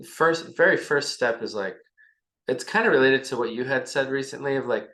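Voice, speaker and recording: In a casual podcast conversation recorded in an echoey room, a male guest speaks at normal speed with a medium-pitched, fairly bright voice. His talk is loose and rambling, and he plays out small exchanges between himself and his partner.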